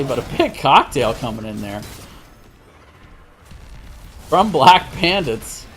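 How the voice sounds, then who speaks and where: A man doing live play-by-play commentary on an esports match, steady with frequent self-corrections. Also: medium pitch, moderate pace, pauses often, slight background noise. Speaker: esports caster.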